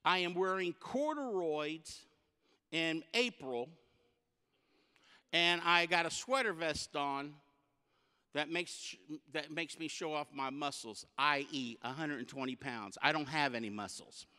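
Bright, high-voiced comic preacher. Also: male voice, slow pace, clean tone. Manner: animated, comic storyteller. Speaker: guest speaker. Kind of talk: humorous sermon storytelling. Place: church sanctuary. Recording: long church hall reverb.

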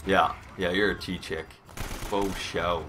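A Canadian man commentating a video game live, excitable and swearing often. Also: sits low, slow pace, noisy background. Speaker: let's play streamer. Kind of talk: casual gameplay commentary.

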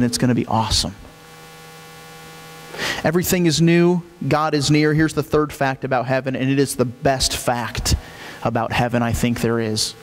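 A male pastor preaches with a lively, swooping delivery, leaning hard on repeated key phrases. His voice sits a bit high for a man and carries a long echo through a large church hall. A faint electrical hum runs underneath. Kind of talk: sermon.

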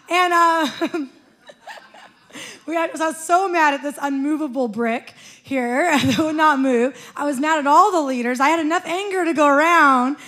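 A woman with a high voice delivers a sermon in a church. She tells her story with lively feeling and often breaks into laughter as she speaks. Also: normal speed. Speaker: preacher.

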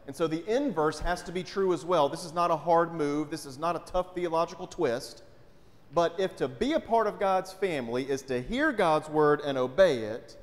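A pastor from North Carolina, preaching a conversational sermon and often asking "right?". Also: male voice, on the high side. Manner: conversational, frequent rhetorical "right?". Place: church sanctuary. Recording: long church reverb.

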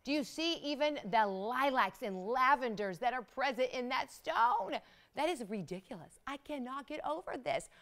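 A woman hosting live jewelry sales, talking in fast, excited hard-sell patter. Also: sits high. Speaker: shopping channel host.

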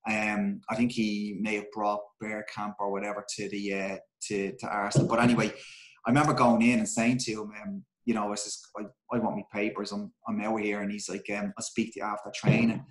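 A man's voice: on the low side, flat delivery, a little fast. A middle-aged Irish man, a former footballer, telling stories candidly in a casual interview, swearing freely and restarting his sentences often. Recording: roomy echo.

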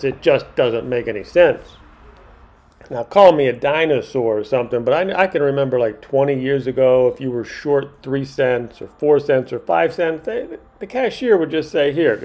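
A man's voice: medium pitch, lo-fi sound. Indignant man ranting to camera. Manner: indignant, ranting, repeats himself for emphasis. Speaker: vlogger. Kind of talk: monologue to camera.

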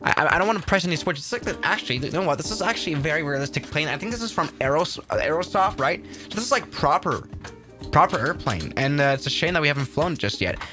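A man chatting excitably through a flight simulator livestream, often restarting his sentences. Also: fairly high pitch, quick pace, over music. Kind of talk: casual livestream commentary.

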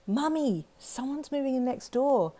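An Australian woman voicing a bossy, cheerful four-year-old girl in an audio story, high and loud. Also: expressive, a little slow. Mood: excited. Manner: high-pitched, loud and proud.

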